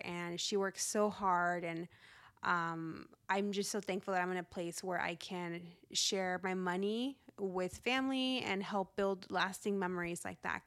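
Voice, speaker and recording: A woman's voice: fairly low pitch, a bit bright. A woman in her thirties hosting her own podcast, talking casually and upbeat with frequent laughs. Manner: chatty, upbeat, laughs often. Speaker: podcast host. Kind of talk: casual solo podcast talk.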